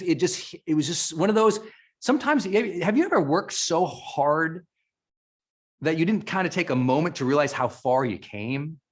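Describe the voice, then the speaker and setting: A middle-aged man from Montana giving an emphatic, emotional motivational speech to a live audience, often restarting his sentences. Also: fairly high pitch. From Montana, USA. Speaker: keynote speaker.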